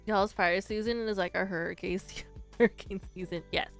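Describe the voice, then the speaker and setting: A woman's voice: medium pitch, fairly even intonation, moderate pace, creaky. A young woman streamer chatting casually with her live chat, telling a story and giggling often. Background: faint background music.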